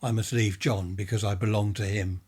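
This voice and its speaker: A man's voice: fairly low pitch, fairly even intonation, moderate pace, darkish tone, slightly rough. A man reading a ghost story, voicing a frightened, tearful young woman who pleads through sobs. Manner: sobbing, pleading. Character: frightened teenage girl, tearful and desperate.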